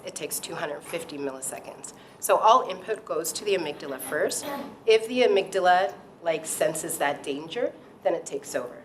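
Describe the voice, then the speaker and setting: A middle-aged woman, a high school teacher, explaining brain science to parents in an animated way, with many fillers. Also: moderate pace, slight background noise, low-quality recording. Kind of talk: presenting at a parent talk.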